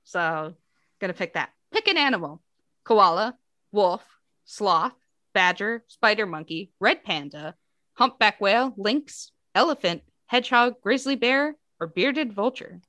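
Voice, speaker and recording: An American woman co-hosting a podcast, her voice bright and forward. She chats easily and reads lists aloud with bouncy lifts, recorded close and dry with no room sound. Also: medium pitch, unhurried, no echo. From United States. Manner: chatty, reads lists out with lively rises. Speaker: podcast co-host. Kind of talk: casual chat.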